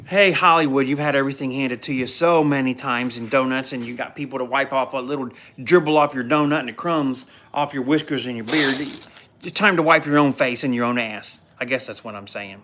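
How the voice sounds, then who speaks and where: A man hosting a live podcast, recapping a television show in a blunt, mocking, animated way. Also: medium pitch, brisk.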